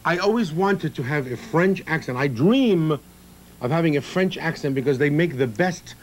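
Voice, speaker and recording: High-voiced excitable man joking while cooking. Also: normal speed, low-quality recording. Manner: jokey, excitable, bursts into high laughs. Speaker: celebrity guest cook. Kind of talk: comic chat while cooking.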